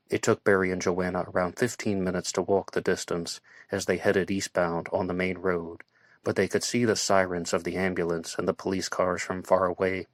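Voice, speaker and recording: A man narrates an audiobook in an even, measured read. His voice sits very low. The recording is dead dry and close to the mic. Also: dry recording.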